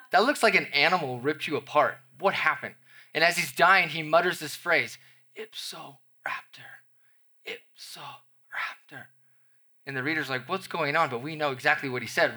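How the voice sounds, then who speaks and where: A man's voice: a little high, pushed and bright. A man, the pastor, preaching a sermon to his congregation with playful, conversational asides.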